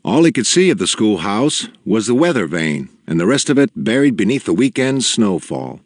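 Deep-voiced man reading a story. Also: sing-song, no room sound, studio quality. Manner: measured, deliberate storytelling with quiet gravity. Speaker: audiobook narrator. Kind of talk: scripted narration.

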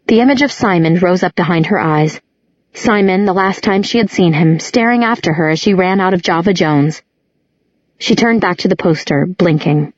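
A woman with a low, husky voice narrates a novel audiobook in an even, measured way. The recording is close and dry, with a slightly dull, muffled sound. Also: dry recording.

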